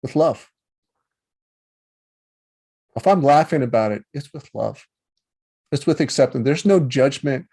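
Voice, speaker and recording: A man teaching about healing in a relaxed, conversational way, acting out inner voices with changing tones and checking in with the listener. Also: mid-range voice, moderate pace, gravelly, slightly rough. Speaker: meditation teacher. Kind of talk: talk on healing.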